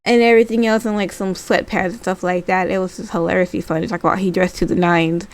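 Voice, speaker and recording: A woman's voice: fairly low pitch, fast talker. Chatty woman recapping wrestling. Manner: chatty, rambling, lots of fillers; acts out quotes in a lively voice.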